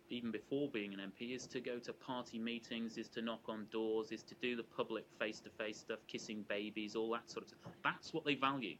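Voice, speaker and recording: A man giving an academic lecture to a live audience in a measured, explanatory way, often restarting his phrases. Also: mid-range voice, fairly bright tone, dull audio, slight background noise. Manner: measured and explanatory, with frequent restarts and hedging asides.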